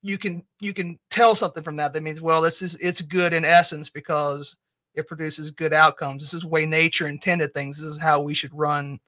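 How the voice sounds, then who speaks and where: A man's voice: on the high side, level tone, normal speed, sharp tone, dry recording, clean studio sound. A man chatting casually as a podcast guest, hesitant and full of restarts. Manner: hesitant, many restarts, laughs often. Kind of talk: casual chat.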